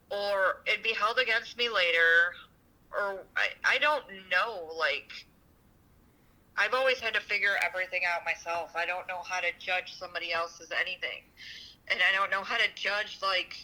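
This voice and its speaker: A woman's voice: mid-range voice, sharp tone, rough recording. A woman in her forties talking on a podcast, raw and self-critical, swearing heavily. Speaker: advice seeker, guest. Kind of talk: emotional podcast conversation.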